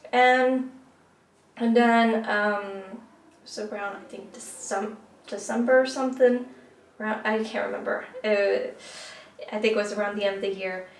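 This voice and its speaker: A woman's voice: mid-range voice, fairly even intonation, unhurried, a little hiss or hum. A woman talking as a podcast guest, telling her personal story earnestly, with many fillers and restarts. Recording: roomy, distant mic.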